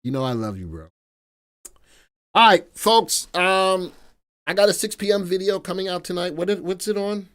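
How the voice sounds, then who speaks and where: A man's voice: sits high, moderate pace, pauses often. Playful middle-aged male market show host. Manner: energetic, chatty and playful, breaks into song. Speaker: stock market analyst host. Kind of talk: live stream market commentary.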